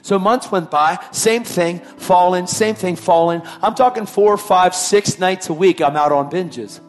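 With a high voice and a measured pace, a man gives his personal testimony, stressing key lines by saying them again. Faint music sits underneath.

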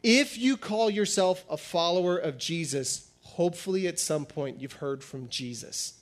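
High-voiced man preaching conversationally. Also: measured pace. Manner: conversational, animated preaching with acted-out dialogue. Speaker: pastor. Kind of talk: sermon.

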